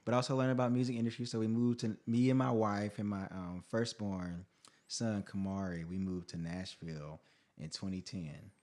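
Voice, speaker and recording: A man in his thirties, a singer-songwriter guest, telling his life story in a casual interview, animated, laughing often and restarting sentences. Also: fairly low pitch, moderate pace.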